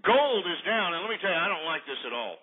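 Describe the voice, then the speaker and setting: A man's voice: high-pitched, very animated, fast, slightly rough. A man hosting a talk radio show, ranting angrily and profanely while reading market prices. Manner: angry, profane, repetitive ranting. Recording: tinny phone-like lo-fi line.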